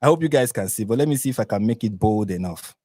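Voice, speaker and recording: A man's voice: on the low side, expressive, quick pace, darkish tone, dry recording, clean studio sound. A man with a Nigerian accent hosting a live reaction stream, talking in an exasperated, repetitive, emphatic way. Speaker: reaction channel host.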